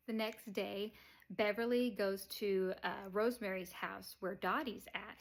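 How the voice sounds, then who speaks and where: A woman's voice: medium pitch, normal speed. A woman reviewer casually recapping a film's plot, rambling with lots of fillers and chuckling now and then. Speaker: movie reviewer.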